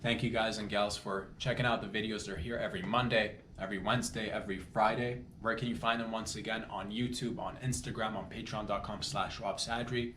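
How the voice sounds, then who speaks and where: Low-voiced man rambling earnestly in echoey room. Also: steady tone, fairly quick, few pauses, fairly bright tone. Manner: rambling, earnest, self-interrupting. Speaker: comedy podcast host. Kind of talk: casual heartfelt monologue. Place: Toronto. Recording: echoey room with faint background noise.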